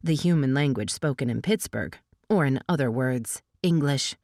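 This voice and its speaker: A woman reading a novel aloud as an audiobook narrator, giving the dialogue a lift in pitch. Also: normal speed, darkish tone, no room sound, studio quality.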